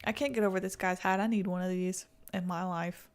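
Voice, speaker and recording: A woman's voice: on the low side, fairly even intonation, brisk, heavy background noise. A woman hosting a livestream, chatting casually with viewers and reacting to a video. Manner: chatty, talks to chat, laughs often. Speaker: livestream host.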